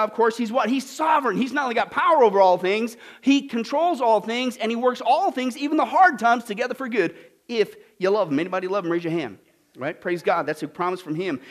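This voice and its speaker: A man preaching a sermon as pastor, lively and animated, asking the congregation questions and dropping into mocking put-on voices. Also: high-pitched.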